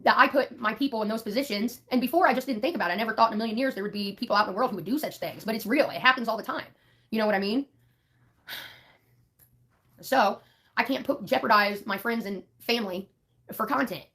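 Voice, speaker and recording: Woman streamer, fast, blunt and profane, casual rambling chat. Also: on the high side, fairly bright tone. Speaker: live streamer.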